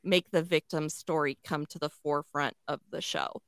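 Blunt swearing woman with a smooth voice. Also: sits low, fairly even intonation, normal speed, a bit bright, dry recording. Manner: blunt, emphatic, heavy swearing. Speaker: podcast co-host. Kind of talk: casual chat.

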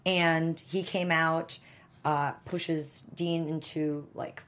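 A woman's voice: deep voice, fairly even intonation, takes it slowly, fairly bright tone. A woman co-hosting a fan after-show, recapping an episode in casual chat, rambling with lots of ums and uhs. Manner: rambling, filler-heavy storytelling.

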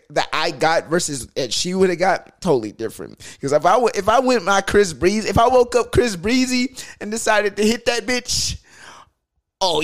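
A young man telling a story casually and profanely, acting out the voices he quotes. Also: sits high. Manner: animated, loose and profane, acts out quoted voices.

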